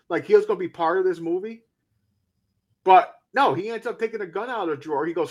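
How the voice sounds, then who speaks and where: A man with a slightly raised pitch talks through a film in loose, excited chat. He swears freely and keeps cutting in to finish his friend's thoughts. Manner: animated, profane, quick to jump in and finish thoughts. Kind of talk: casual movie recap chat.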